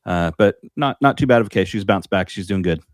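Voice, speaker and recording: Man, lowish voice, easygoing co-host, dry recording. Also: animated, a little fast, dry recording. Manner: easygoing, talks about family life, some hesitations. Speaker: podcast co-host. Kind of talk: casual chat.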